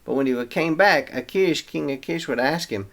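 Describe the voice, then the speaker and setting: A man's voice: a little high, moderate pace, gravelly, fairly bright tone. A man hosting a Bible reading show, retelling scripture in a casual, chatty way with everyday slang.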